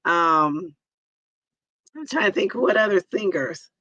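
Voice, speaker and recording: Hoarse chatty woman in her forties. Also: medium pitch, expressive, takes it slowly, fairly bright tone, no room sound, lo-fi sound. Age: 40s. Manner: chatty, greets viewers by name. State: hoarse, raspy from a cold. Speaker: live stream host. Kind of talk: casual live-stream chat.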